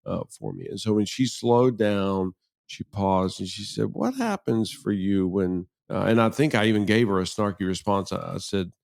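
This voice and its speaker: A man with a fairly low, gravelly voice tells a story as a podcast guest. He is wry and animated, and he acts out bits of dialogue along the way. The recording is dry and close. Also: moderate pace, no room sound. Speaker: podcast guest, relationship author.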